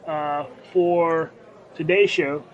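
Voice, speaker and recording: A man's voice: a little high, steady tone, extremely slow, phone-quality sound. A man co-hosting a casual podcast, joking and filling gaps with "uh" and "um". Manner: joking, filler-heavy. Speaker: podcast co-host. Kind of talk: casual chat.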